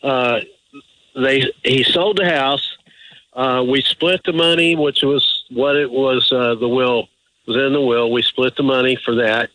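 A man's voice: mid-range voice, steady tone, unhurried, pushed and bright, poor audio. A man calling a radio advice show, telling a long, hesitant, rambling story full of restarts and fillers. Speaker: caller. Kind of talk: phone-in call.

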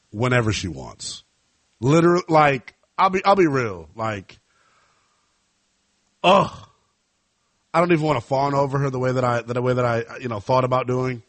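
A man's voice: medium pitch, normal speed, no echo. A man hosting a sports talk show, chatting in a loose, rambling, playful way. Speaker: sports radio host. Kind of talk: casual radio chat.

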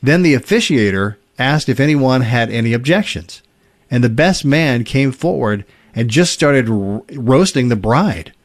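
A man's voice: mid-range voice, measured pace. A man hosting a casual chat, reading listener stories aloud in an easygoing way, with chuckles and fillers. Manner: relaxed storytelling with fillers and chuckles.

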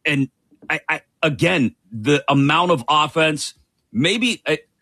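A man's voice: fairly high pitch, animated, takes it slowly, pushed and bright, husky, dry recording. A man co-hosting a casual sports show, running through game scores and stats. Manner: rattles off scores and stats conversationally. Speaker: co-host.

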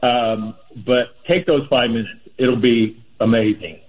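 A man's voice: mid-range voice, steady tone, measured pace. A man calling into a radio show to share friendly, earnest advice. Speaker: radio caller. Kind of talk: casual call-in chat. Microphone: phone. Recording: dull phone-line sound.

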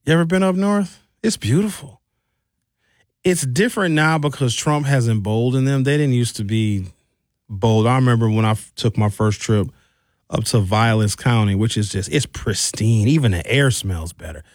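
A man with a Wisconsin accent hosting a radio talk show from a studio mic, telling stories in a joking, animated way. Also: mid-range voice, moderate pace, dry recording. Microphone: studio microphone.

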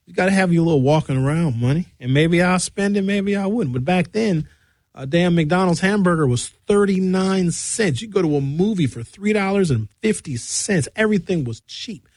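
A man's voice: high-pitched, animated, normal speed, a little mellow, no room sound. A man hosting a radio show, rambling through a bawdy comic monologue. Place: radio studio.

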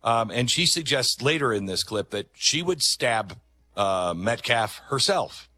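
A man hosting a commentary monologue, speaking emphatically and conversationally with dramatic pauses. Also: mid-range voice, expressive, sharp tone, dry recording. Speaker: talk show host.

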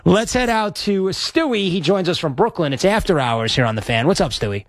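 A man with a fairly high voice rambles on as a sports radio host, chatty and self-deprecating. His voice is close and dry, with no room sound around it. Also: lively intonation, brisk, hardly any pauses, dry recording. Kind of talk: casual radio chat. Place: radio studio.

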